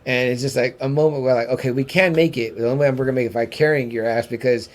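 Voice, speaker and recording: A man co-hosting a comic book podcast, excitable, swearing and often asking his co-host to agree. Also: mid-range voice, rapid-fire. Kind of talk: casual comic book review chat.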